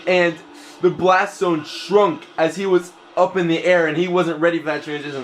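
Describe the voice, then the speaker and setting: A man commentating video game matches play-by-play, excitable and bursting into loud exclamations. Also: on the high side, moderate pace, slight background noise. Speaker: tournament commentator.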